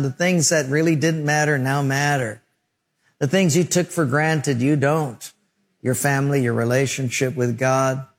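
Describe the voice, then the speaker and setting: A pastor preaching a radio sermon, telling stories earnestly and repeating lines for emphasis. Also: male voice, medium pitch. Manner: earnest, storytelling, emphatic repetition.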